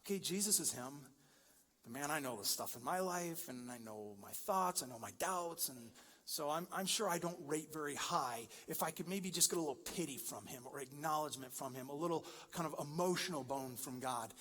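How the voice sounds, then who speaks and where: High-voiced man preaching in a reverberant church. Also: expressive, a little fast, a bit bright. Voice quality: conversational, jokey, builds to emphatic peaks. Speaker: pastor. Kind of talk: sermon. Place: large church hall. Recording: long church-hall reverb.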